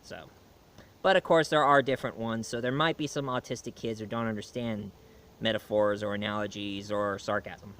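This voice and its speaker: A man's voice: lowish voice, steady tone, moderate pace, fairly bright tone. A man giving a casual film and comic review, rambling along with many fillers and restarts.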